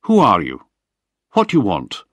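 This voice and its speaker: A man's voice: on the low side, huge pitch swings, normal speed, dry recording. A man reading a story aloud, voicing an evasive older lab director who warns a visitor off. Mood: dismissive.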